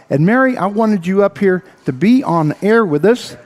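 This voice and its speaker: A man calls a baseball game on the radio, slightly out of breath as he talks. His voice sits a bit high for a man, and his play-by-play comes in halting bursts packed with uhs and restarts. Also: expressive. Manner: halting, filler-heavy play-by-play with frequent uhs. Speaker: play-by-play announcer.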